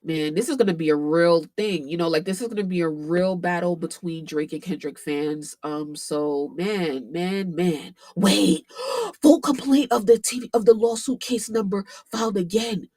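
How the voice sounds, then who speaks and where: A woman hosting a casual commentary livestream, animated and swearing freely, with AAVE speech and frequent fillers. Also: on the low side, moderate pace, hardly any pauses, no room sound. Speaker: livestream host.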